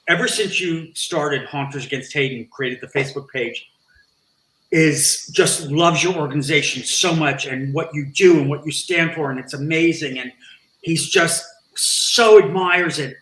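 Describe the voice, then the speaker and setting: Man, interview guest, animated storyteller, slightly high voice, roomy echo. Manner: animated storyteller, acts out quoted dialogue. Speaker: interview guest, nonprofit founder.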